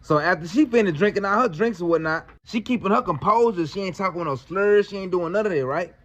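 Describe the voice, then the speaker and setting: Casual male storyteller, high-pitched, slangy and animated. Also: quick pace. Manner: slangy, animated retelling with lots of fillers.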